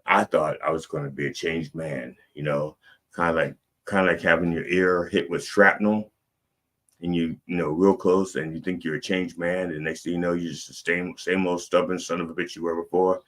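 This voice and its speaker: With a low voice at a normal speed, the show's comedic preacher host, a middle-aged man, spins an animated, meandering story. His volume rises and falls as he goes.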